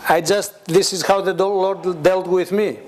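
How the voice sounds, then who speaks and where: Against a noisy background, a man with a high-sitting voice speaks at a measured pace. He's a guest preacher at a church meeting whose congregation responds, giving a conversational testimony sermon filled with laughter and animated storytelling in which he acts out people's voices.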